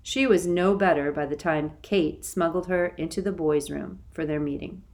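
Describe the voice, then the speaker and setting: Woman, audiobook narrator, expressive storytelling, lowish voice. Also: moderate pace. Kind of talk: scripted narration.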